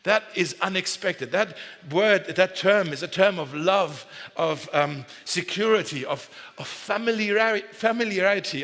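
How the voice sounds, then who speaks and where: This pastor has a voice on the high side, creaky and a bit bright. He keeps his sermon casual and funny, often revising himself mid-sentence, and the large church hall lends it a long reverb.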